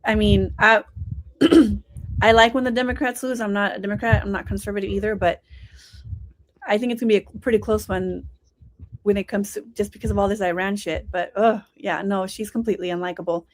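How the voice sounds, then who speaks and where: A woman's voice: mid-range voice, steady tone, brisk. Woman co-host, first language Spanish, blunt and offhand. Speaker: podcast co-host. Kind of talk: casual chat.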